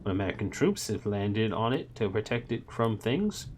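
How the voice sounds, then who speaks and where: A man's voice: on the low side, very animated, moderate pace, darkish tone. A nervous, earnest young man speaks with a plaintive edge, voiced by a male storyteller. The voice sits only slightly above the reader's own. A faint hiss runs underneath.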